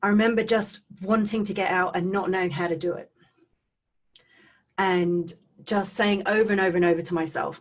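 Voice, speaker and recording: A woman speaks over a video call in a voice of ordinary, mid-range pitch. She tells her own story as an emotional testimony, halting and earnest, and she often circles back and restarts her words. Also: steady tone. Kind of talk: emotional personal testimony talk.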